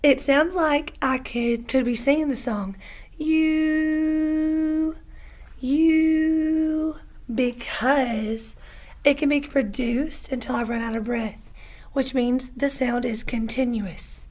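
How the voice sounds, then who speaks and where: A woman teaching a phonics lesson to young learners, patient and encouraging, stretching out each sound slowly. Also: on the high side.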